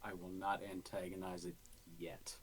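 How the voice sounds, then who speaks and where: A man's voice: deep voice, flat delivery, rough recording. A man playing a tabletop game, speaking hesitantly. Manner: slow, hesitant. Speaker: player. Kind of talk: casual tabletop play.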